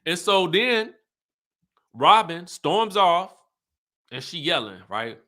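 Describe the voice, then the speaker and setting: A man hosting an online show, recapping in animated, chatty talk with emphatic asides. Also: high voice, takes it slowly. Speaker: YouTube host recapping reality TV. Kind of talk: casual chat.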